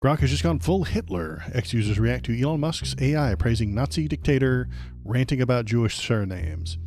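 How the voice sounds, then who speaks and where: A man's voice: medium pitch, lively intonation, normal speed, darkish tone, soft background music. Blunt, sarcastic male political streamer. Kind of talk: ranting political commentary.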